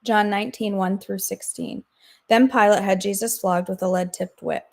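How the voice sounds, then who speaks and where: A woman reads scripture aloud for a daily devotional. Her delivery is steady and measured. Her voice sits at an ordinary middle pitch. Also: creaky. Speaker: devotional host. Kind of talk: scripture reading.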